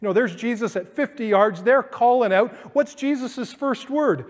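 High-voiced pastor preaching in a big hall. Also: male voice, moderate pace, few pauses. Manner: reads scripture then explains it conversationally, acting out quotes. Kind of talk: sermon. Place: church sanctuary.

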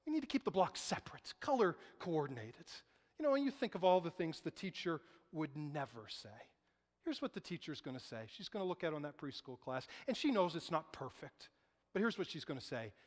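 A high-voiced man preaching to a church congregation, his voice ringing with long reverb in a big hall. He tells stories with animated delivery and acts out the lines of the people he quotes. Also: fairly quick. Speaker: pastor. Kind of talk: sermon.

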